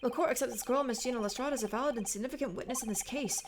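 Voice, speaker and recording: A woman's voice: a little high, rapid-fire, noisy background, close to an everyday voice. A woman reading a formal courtroom judge. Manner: formal and ponderous.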